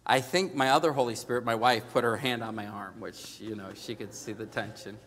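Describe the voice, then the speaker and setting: Bright-voiced pastor preaching in an echoing church. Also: male voice, on the low side, fairly even intonation, a little fast. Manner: storytelling sermon, swinging from hushed to loud and emphatic. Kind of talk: sermon. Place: large church sanctuary. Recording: long reverb of a large church hall.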